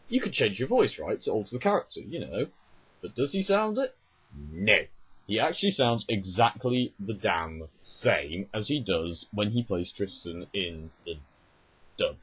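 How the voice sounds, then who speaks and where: A man's voice: fairly low pitch, slightly rough, lo-fi sound. A man delivering a casual, sarcastic and exasperated vlog rant. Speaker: video ranter.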